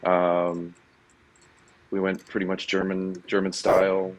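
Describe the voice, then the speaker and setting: Deep-voiced male guest, laid-back and halting, on a call. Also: a crowd in the background, poor audio. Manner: relaxed, hesitant, lots of uh and um. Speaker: brewery guest. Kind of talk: casual interview answers. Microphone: remote call.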